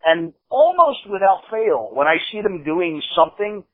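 A man's voice: high voice, very animated, normal speed. A man in casual chat, profane and indignant. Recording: tinny phone-like audio.

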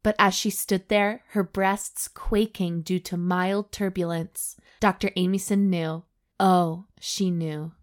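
A woman's voice: mid-range voice, steady tone, measured pace, hardly any pauses. A woman co-hosting a comedy podcast, reading an erotic story aloud with mock drama and stopping to joke. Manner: reads with mock drama, stops to joke and laugh.

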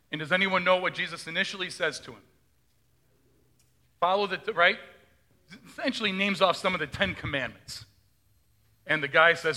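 A man's voice: high voice, normal speed, long pauses, bright, forceful tone. A male pastor giving a conversational sermon, often asking his congregation questions and retelling scripture in his own words.

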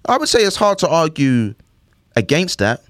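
A man's voice: on the high side, big pitch swings, normal speed, dry recording, clean studio sound. A young man hosting a casual podcast, talking in a rambling, chatty way and often asking "do you know what I mean". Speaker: podcast host.

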